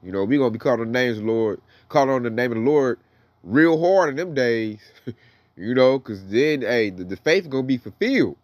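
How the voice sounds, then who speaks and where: A man's voice: medium pitch, expressive, brisk, darkish tone, no echo, clean studio sound. Man preaching in loose street slang. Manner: loose slangy preaching, reads verses aloud. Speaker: Bible teacher. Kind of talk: casual sermon with scripture reading.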